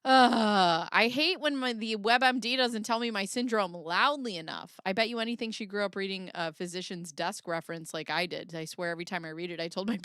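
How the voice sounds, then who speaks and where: A woman's voice: medium pitch, a bit bright, clear, resonant tone, no room sound, clean studio sound. A woman chatting casually on a livestream, reading viewer comments and joking sarcastically, with frequent laughter.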